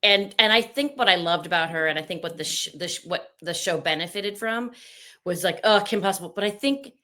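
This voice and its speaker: A woman's voice: fairly low pitch, a little fast, pushed and bright. A woman being interviewed, telling rambling, playful stories about her acting work in a casual chat. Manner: chatty, rambling with restarts and playful asides. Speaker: interview guest, actress.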